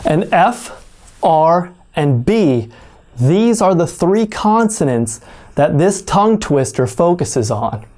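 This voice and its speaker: Slow, deliberate pronunciation teacher. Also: medium pitch, big pitch swings, a little mellow. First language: English. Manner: slow, deliberate, exaggerates sounds when demonstrating. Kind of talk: online pronunciation lesson.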